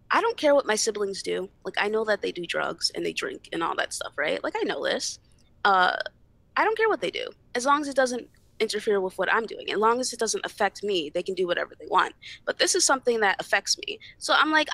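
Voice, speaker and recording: A woman's voice: medium pitch, sing-song, brisk, vocal fry, bright, forceful tone, no room sound. A young woman guest on a podcast, bluntly retelling a family argument with lots of swearing and acted-out dialogue. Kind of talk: casual storytelling chat.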